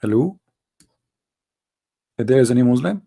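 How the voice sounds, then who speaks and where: A man's voice: mid-range voice, expressive, moderate pace, gravelly, dark tone, slightly rough. A man hosting a live debate stream, arguing emphatically with rhetorical questions and non-native grammar. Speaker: live debate show host.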